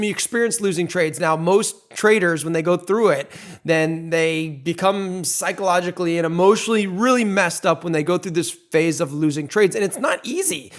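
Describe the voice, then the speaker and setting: A man explaining trading to camera in an emphatic, repetitive, salesy way. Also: high-pitched. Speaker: trading educator.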